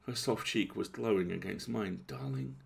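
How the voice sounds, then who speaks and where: Man, bedtime story reading, gravelly, husky, calm, measured literary delivery. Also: low voice.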